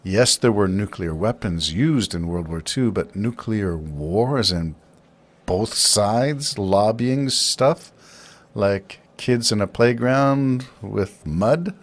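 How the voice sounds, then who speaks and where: A man with a lowish voice hosts his own podcast and talks alone in a loose, rambling way. He muses aloud and keeps putting questions to himself before answering them. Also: lively intonation, slow. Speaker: podcast host. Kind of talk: casual solo talk.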